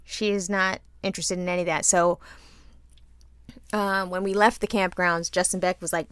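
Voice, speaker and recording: A woman co-hosting a podcast, telling an animated, laughing story in casual chat and swearing freely. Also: on the low side, a little fast, slight background noise. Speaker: podcast co-host.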